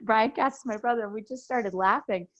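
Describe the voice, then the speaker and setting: A woman's voice: on the high side, a little fast, highs cut off. A woman podcast host chatting casually and telling a story, acting out the voices she quotes. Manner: lively storyteller who acts out quoted voices.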